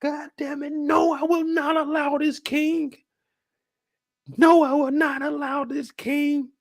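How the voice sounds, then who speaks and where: A man's voice: extremely high pitch, little pitch movement, takes it slowly, pitched above the performer's own voice, heavily acted. A man putting on the voice of an outraged old nobleman who protests shrilly and indignantly.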